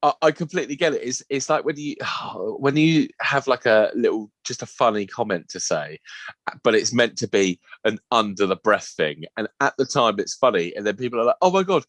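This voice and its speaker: A man's voice: on the low side, normal speed, fairly bright tone, no room sound. A young man co-hosting a podcast, ranting with exasperation and swearing. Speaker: podcast co-host. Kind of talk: casual chat.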